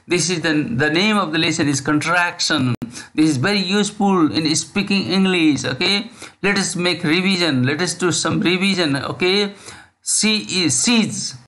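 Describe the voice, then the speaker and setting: A man's voice: on the high side, fairly bright tone. A man teaching an English lesson, drilling phrases over and over and checking in with "okay?" after nearly every line. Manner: repetitive, drills phrases slowly, frequent "okay?". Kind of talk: slow spoken English lesson.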